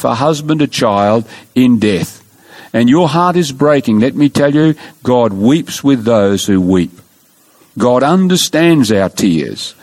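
A man preaching a sermon, asking his listeners questions and swinging between rising emphasis and soft, low endings. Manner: rising and falling preacher cadence, asks the congregation questions.

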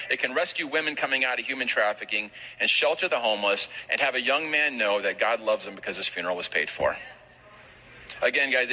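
A man pastor telling a personal story in a sermon, animated, with quick asides to the crowd. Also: medium pitch, poor audio. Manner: animated, rapid anecdotal preaching with asides to the crowd.

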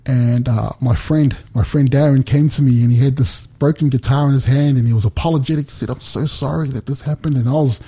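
A middle-aged man speaks earnestly about faith, often stopping and restarting his sentences. His voice is mellow and a little husky. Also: mid-range voice. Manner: earnest, halting, many restarts. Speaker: guest speaker. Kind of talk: faith talk on a remote call.

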